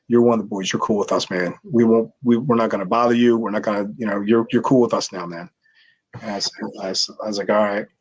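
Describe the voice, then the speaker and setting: A middle-aged former wrestler telling a long backstage story in a casual interview, rambling with many restarts and acted-out quotes. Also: male voice, lowish voice, husky, poor audio. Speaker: former pro wrestler, guest.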